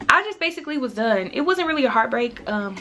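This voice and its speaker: A woman in her twenties talks casually to her viewers, telling a story with lively, animated delivery. Her voice sits a little high. A faint hiss of background noise runs under the recording. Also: fast talker. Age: 20s. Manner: chatty, animated, acts out her own past lines. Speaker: vlogger. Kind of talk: casual storytime chat to camera.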